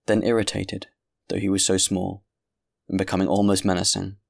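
A very deep, gravelly male voice reads a classic novel in a measured, grave way. The sound is dry and close, with no room around it. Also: completely flat delivery, no room sound. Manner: measured, grave literary reading. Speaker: audiobook narrator. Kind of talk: scripted narration.

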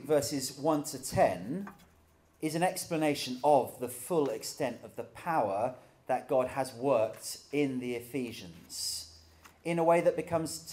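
A man's voice: medium pitch, a little mellow. A middle-aged man preaching a sermon in a conversational way, with dry humor.

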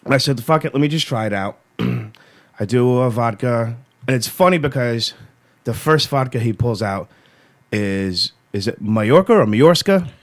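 A man's voice: mid-range voice, expressive, moderate pace. A man co-hosting a podcast who tells rambling stories in casual chat and swears often. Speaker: podcast co-host.

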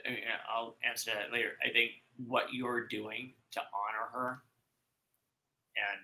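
A man speaking as an interview guest, rambling and halting with many fillers and restarts. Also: mid-range voice, level tone, pushed and bright, low-quality recording. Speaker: podcast guest. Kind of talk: emotional conversational interview.

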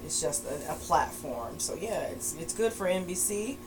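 A woman's voice: on the low side, lively intonation, moderate pace, crowd noise, low-quality recording. A woman co-hosting a casual wrestling podcast, making blunt, teasing quips. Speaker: podcast co-host.

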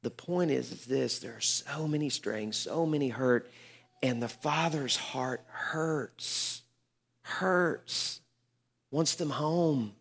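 A man's voice: mid-range voice, slow pace, vocal fry, a bit bright, breathy edge. A middle-aged man, a pastor, telling a story in a sermon, earnest and building to emphatic peaks.

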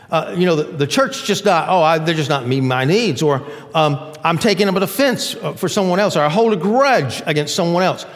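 An older male pastor delivers a sermon in a fairly high voice, talking to the congregation like a conversation. He acts out short quoted voices along the way. A long reverb trails his words through the large hall. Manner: conversational preaching with lively acted-out asides. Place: church sanctuary.

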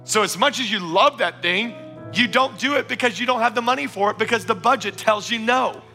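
Fervent male pastor with a bright voice. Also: sits high, a little fast, faint music behind. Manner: fervent, emphatic preaching with repeated urgings. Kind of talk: sermon. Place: church service.

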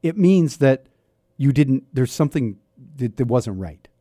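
A man's voice: medium pitch, animated, unhurried, mellow, no room sound. Man in his fifties, talk radio host, wry chatty delivery, slightly scratchy throat, dry studio sound. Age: 50s. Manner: chatty, self-interrupting, wry. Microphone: studio microphone.

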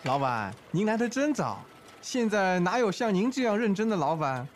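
A man playing an eager, flattering office worker. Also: sits high, moderate pace, a little hiss or hum. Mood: admiring. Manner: earnest, admiring praise. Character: flattering male office employee, eager and admiring.

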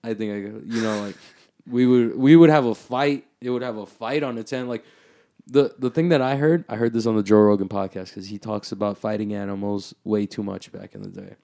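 A man's voice: on the low side, fairly even intonation, a little fast, mellow. Young man telling a rowdy story. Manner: rambling, profane, full of "like". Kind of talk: casual chat, storytelling.

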